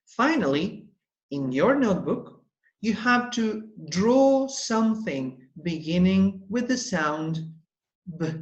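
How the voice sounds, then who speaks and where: A man teaching young pupils in a recorded lesson, spelling words out letter by letter and repeating them patiently, with encouragement. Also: high voice. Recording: roomy, slightly dull home recording.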